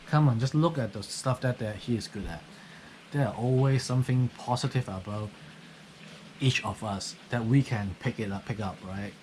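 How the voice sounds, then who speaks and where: A man's voice: fairly low pitch, darkish tone, slight background noise. A man, talking in a casual, rambling vlog monologue and often tagging "okay?" onto his sentences. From Hong Kong. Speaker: vlogger. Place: guest house on a rainy night. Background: rain.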